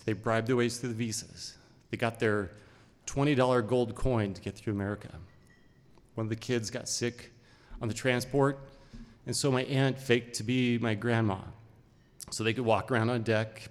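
A middle-aged man from Idaho telling a personal story in a conversational, unhurried way, with short phrases and pauses. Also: fairly low pitch, steady tone. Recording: long reverb of a large hall.

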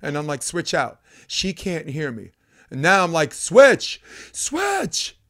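A man, a volleyball coach, telling a long animated story in a casual chat, acting out what people said. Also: on the high side, normal speed. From United States. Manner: animated storyteller, acts out quoted lines. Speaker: podcast guest, volleyball coach.

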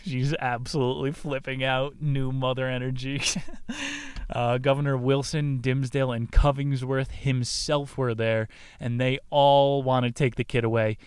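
A man's voice: medium pitch, flat delivery, a little slow, clear, resonant tone, no room sound. A man recording in his car, summarizing a book in an irreverent, crude, casual chat with laughing asides. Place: inside a car.

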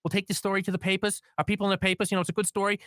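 Brief: man putting on thin, high nasal voice of an urgent young movie gangster, bright edge, fast clipped lines. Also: little pitch movement, dry recording, studio quality. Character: high-pitched young movie mobster-cop, male, intense.

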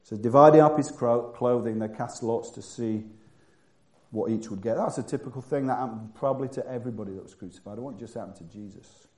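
A man preaching a sermon who moves from loud, emphatic bursts to hushed, quiet passages. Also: medium pitch, fairly quick, echoey room.

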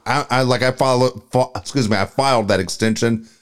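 A man co-hosting a talk radio show, reading sponsor ads and repeating phone numbers like a pitchman. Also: a little fast. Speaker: radio co-host. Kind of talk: talk radio live ad reads.

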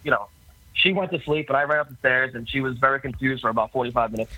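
A man with a New York accent calling in as a podcast guest, talking in halting, restarting sentences. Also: mid-range voice, sharp tone, no room sound, highs cut off. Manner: halting, laughing easily. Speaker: phone-in guest. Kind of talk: casual chat.

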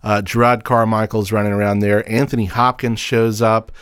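A man co-hosts in casual chat, wry and knowledgeable, with a lowish voice. The sound is dry and close, with no room in it. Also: little pitch movement, moderate pace, fairly bright tone, smooth, no echo. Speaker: podcast co-host.

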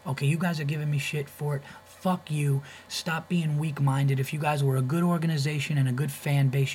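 A male podcast host rants in a heated, profane flow and trips over repeated words when he gets worked up. His voice sits in a mid range, neither high nor deep. A faint hum runs underneath. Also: a little mellow. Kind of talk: comedic podcast rant.

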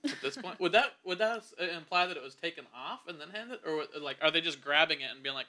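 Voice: mid-range voice, lively intonation, fast talker, hardly any pauses, bright, forceful tone. A podcast host in casual chat, playful and teasing, asking goofy questions.

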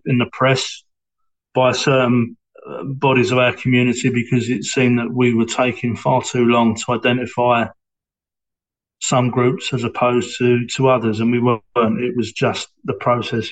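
A middle-aged man tells his story in an interview, in a measured, level voice that barely rises or falls. His speech is hesitant and halting, full of pauses and restarts. His pitch sits in the ordinary middle range for a man. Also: rough recording. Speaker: interviewee, former police sergeant. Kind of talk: reflective personal account.

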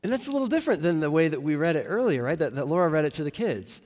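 A man's voice: a little high, very animated, very fast, a little mellow, long reverb tail. A man preaching a sermon in a conversational, reflective way, with fillers and restarts, in a church.

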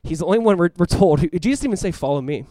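Male pastor, high-ish voice, rapid animated sermon delivery, plays out the characters' lines, dry close-miked sound. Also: dry recording. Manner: animated, acts out voices of the crowd and the blind man; swings from loud cries to hushed earnest tones.

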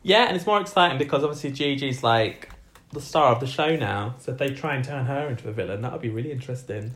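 A man co-hosting a podcast in casual chat, playful and quick with his remarks. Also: medium pitch, a bit bright. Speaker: podcast co-host.

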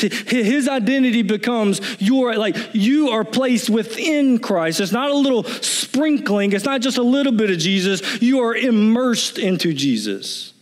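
A man's voice: sits high, a little slow, hardly any pauses. A pastor preaching a sermon, explaining scripture verse by verse and driving his points home with emphatic repetition. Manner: emphatic, building to animated repetition.

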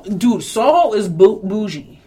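A woman's voice: medium pitch, big pitch swings, normal speed, mellow, breathy edge. Woman, from the New York suburbs, co-host, casual chat, teasing, slangy, playful.

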